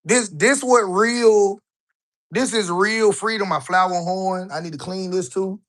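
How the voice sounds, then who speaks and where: A man's voice: high-pitched, measured pace, a bit bright. A man talking casually on a live stream while walking through a house with a handheld phone, loose and chatty, often tossing in "right?". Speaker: online business coach. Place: indoors in a house, walking room to room.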